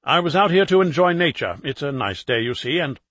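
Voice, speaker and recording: A chatty fake London gent, stumbling over his words and rambling, pitched well above the reader's own voice and pushed out louder, as a male narrator puts him on. The audiobook sound is dry and close. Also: animated, a little fast, dry recording. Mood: flustered cheer. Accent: put-on London. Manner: rambling, stammering, overly chatty. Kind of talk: audiobook character voice.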